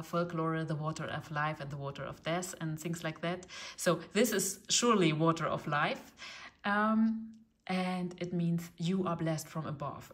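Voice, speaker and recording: Gentle German woman reading tarot. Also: lowish voice. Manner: gentle, reassuring, often asks "yes?". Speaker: tarot reader. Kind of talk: casual tarot reading talk.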